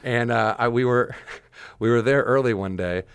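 A man's voice: medium pitch, unhurried, creaky, smooth, dry recording, studio quality. A man co-hosting a podcast, telling a rambling, self-mocking story in casual chat and acting out quoted voices. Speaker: podcast co-host.

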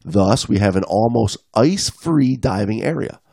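A man's voice: on the low side, expressive, moderate pace, creaky, warm tone, no echo, clean studio sound. A man in his forties co-hosting a podcast, reading an article aloud and dropping in wry casual asides. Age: 40s. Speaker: podcast co-host.

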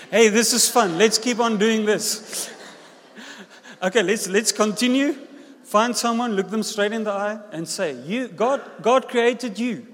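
A man, a senior pastor preaching a sermon with jokes and an animated delivery. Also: sits high, takes it slowly, long pauses, slight background noise. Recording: long hall reverb.

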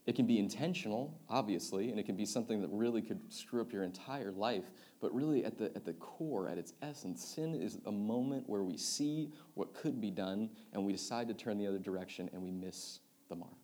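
A young man, a youth pastor, preaching a sermon built around a personal story, swinging from loud excited retelling to quiet earnest reflection. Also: on the low side, fairly quick, hardly any pauses.

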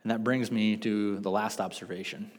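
A man in his thirties preaching a sermon, telling stories with lively self-deprecating asides. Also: fairly low pitch, normal speed. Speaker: pastor. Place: church sanctuary. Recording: long reverb of a church hall.

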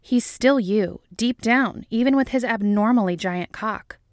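A woman reading the lines of a composed female federal agent in a fan fiction audiobook, brisk and matter-of-fact with a light amused edge. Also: a little high, no echo, clean studio sound, voice pushed up.

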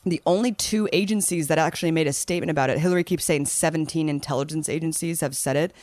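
A host giving animated political commentary in casual chat. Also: female voice, sits low, fast, dry recording. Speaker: show host.

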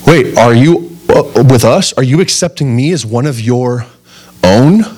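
A man preaching a sermon, acting out an eager woman at a well in an excited, questioning tone. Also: medium pitch, a little slow, breathy edge.

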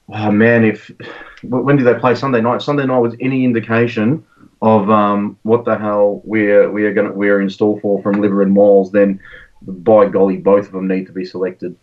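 A man co-hosting a podcast in casual chat, relaxed with lots of ums and restarts. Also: on the low side. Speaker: podcast co-host. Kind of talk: casual fantasy sports chat. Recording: distant, dull-sounding mic.

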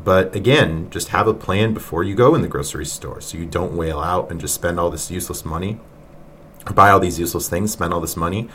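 Male podcast host, deepish voice, mocking and exasperated, faint noise behind. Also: brisk, fairly bright tone. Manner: mocking, exasperated, laughs often. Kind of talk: reaction commentary podcast.

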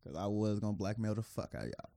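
Podcast co-host, man, animated swinging pitch, profane and laughing, dry close mic. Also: quick pace, creaky, dry recording. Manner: loose and profane, laughs often, drifts between loud and mumbled. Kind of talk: casual chat.

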